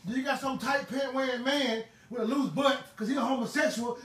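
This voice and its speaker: A man preaching a sermon in a fervent, emphatic way, now and then bursting into shouts. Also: very high-pitched, brisk. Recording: roomy, distant mic, faint ambient noise.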